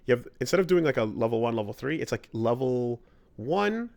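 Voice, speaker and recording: Podcast co-host, male, relaxed rambling delivery, plain mid-range voice. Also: medium pitch, a little fast, creaky. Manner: rambling, filler-heavy, enthusiastic about fighting games. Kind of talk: casual chat.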